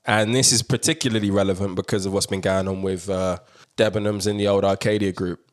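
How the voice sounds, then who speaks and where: Young man, low pitch, podcast co-host who tees up topics crisply. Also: steady tone, brisk. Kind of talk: casual chat, topic host.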